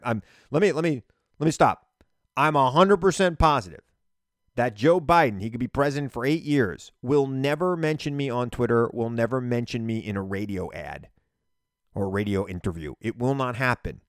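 A man hosting a political podcast, talking in an animated, emphatic solo monologue and repeating phrases for punch. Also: medium pitch, fairly quick, no room sound, clean studio sound.

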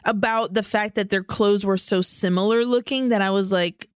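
A woman's voice: mid-range voice, clean tone, dry recording, studio quality. A woman co-hosting a podcast, chatting casually about a film and slipping Spanish phrases into her English. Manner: expressive, quick to laugh, mixes Spanish into English. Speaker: podcast co-host. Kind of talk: casual movie recap chat.

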